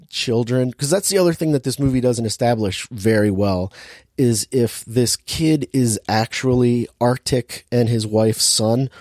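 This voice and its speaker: A man chatting through a film's plot in a loose, rambling way, leaning on filler words as he goes. His voice sits at an ordinary middle pitch. The recording is close and dry, with no room sound. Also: darkish tone, no echo. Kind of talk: casual movie recap chat.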